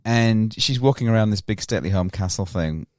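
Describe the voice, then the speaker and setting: A man's voice: lowish voice, fairly quick, darkish tone, no echo, studio quality. A man co-hosting a casual podcast chat, rambling, correcting himself and laughing often. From Yorkshire, England. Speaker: podcast co-host.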